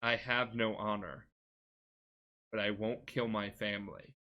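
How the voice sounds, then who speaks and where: A man's voice: lowish voice, normal speed, highs cut off, a crowd in the background, pitched below the performer's own voice, close to an everyday voice. A man casually voicing a defiant young male samurai while retelling a game plot. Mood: solemn.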